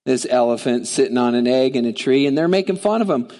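A man preaching to his church, retelling a children's story in a lively, casual way. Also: medium pitch, fast. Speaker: pastor.

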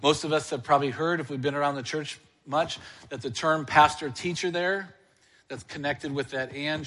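A man's voice: medium pitch, fairly bright tone, in a large hall. A male church elder preaching a sermon, asking the congregation questions and answering them himself.

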